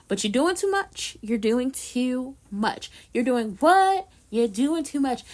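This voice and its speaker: Sassy high-voiced woman recapping TV. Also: a little slow, hardly any pauses. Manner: sassy, blunt, repeats lines for emphasis; slangy, animated asides. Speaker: YouTube reviewer. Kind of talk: casual TV episode recap.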